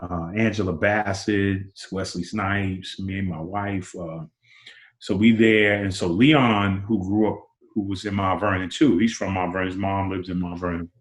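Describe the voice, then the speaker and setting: A former basketball player in his sixties, appearing as an interview guest, tells animated stories in a low voice at normal speed with fairly even intonation. He acts out other people's lines with sudden jumps in pitch and repeats words as he builds up. A roomy echo colors the sound.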